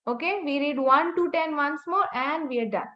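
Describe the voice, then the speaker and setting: Woman teacher on a webinar: high voice, unhurried patient drilling, echoey, dull call audio. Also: slight background noise. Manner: slow, patient drilling with repeated corrections. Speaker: language teacher. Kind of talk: online class teaching. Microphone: video call.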